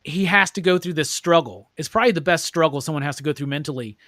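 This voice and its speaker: A man's voice: a little high, fast talker, fairly bright tone, dry recording, clean studio sound. Loose, profane man reviewing movies. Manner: loose and profane, acts out lines in funny voices. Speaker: host. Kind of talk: casual movie review chat.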